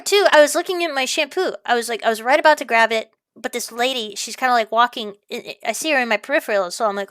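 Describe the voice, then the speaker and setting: Brisk and fairly bright, this woman's voice sits on the high side in a dry, clean studio recording. She's a vlogger on an angry tirade, swearing, exasperated, and repeating herself as she lets off steam.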